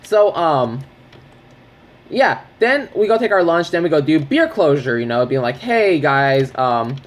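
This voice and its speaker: A man's voice: fairly high pitch, big pitch swings, a little slow. A young man venting in a casual, profane, rambling rant while playing a video game at home. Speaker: gaming vlogger.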